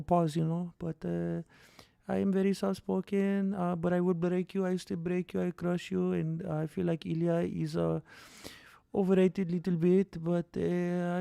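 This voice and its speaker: A man doing a soft-spoken deadpan fighter. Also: high voice, creaky, clean tone, no echo, clean studio sound. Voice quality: flat soft-spoken delivery with broken English. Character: soft-spoken stoic male fighter impression. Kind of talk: comedic impression on a live stream.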